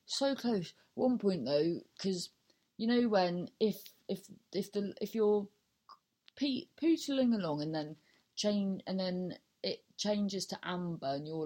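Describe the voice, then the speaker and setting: On her own podcast, a woman in her thirties rambles casually, poking fun at herself, cursing, and letting sentences trail off before restarting. Her voice sits on the low side and sounds mellow, captured on a rough recording.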